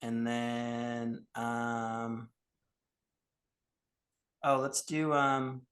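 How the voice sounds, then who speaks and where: A man hosting a casual podcast, talking in a relaxed, easygoing way. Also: medium pitch, extremely slow. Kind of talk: casual chat.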